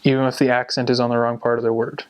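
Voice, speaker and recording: A young man casually explaining how to learn a language, speaking in a steady, explanatory way. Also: mid-range voice, very fast, clean tone. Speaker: returned missionary giving language tips. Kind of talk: casual advice monologue.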